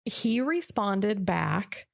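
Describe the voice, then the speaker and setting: A young woman guest on a podcast tells a story from her own marriage at a mid-range pitch. She speaks in an animated way, often slipping into quick asides that voice what went through her mind. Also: vocal fry. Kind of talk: personal storytelling in conversation.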